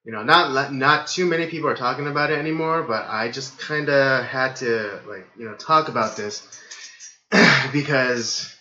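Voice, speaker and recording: A hoarse man hosting a casual livestream podcast, rambling with lots of fillers. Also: medium pitch, normal speed, pushed and bright, reverberant, dull audio. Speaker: podcast host.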